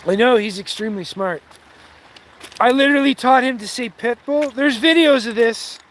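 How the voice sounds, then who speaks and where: Casting: man, very high voice, unhurried reflective vlogger by a stream, faint outdoor hiss. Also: fairly bright tone, rough recording. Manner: slow, emotional musing, coaxing his dog. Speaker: vlogger walking his dog. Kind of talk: casual outdoor vlog.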